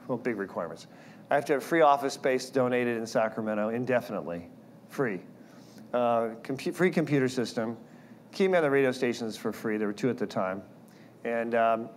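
A man preaching a sermon, telling personal stories in an animated way and acting out the voices of people he quotes. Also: mid-range voice, slight background noise. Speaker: guest speaker.

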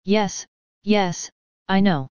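A woman reading the part of a gentle ghost of past Christmases, soft and knowing. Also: medium pitch, drawn-out words, smooth, no echo, lo-fi sound.

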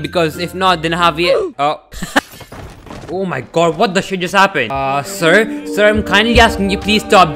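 A man giving excitable gameplay commentary as a gaming video creator, often yelling and joking. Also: a little high, normal speed. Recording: music playing behind.

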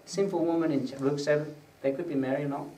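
A man's voice: a little high, fairly even intonation, fast, dark tone. A man preaching a teaching sermon to a small group in a conversational way. He quizzes his listeners and lifts his voice when he quotes scripture. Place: prayer gathering room. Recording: echoey room, distant mic, faint hiss.

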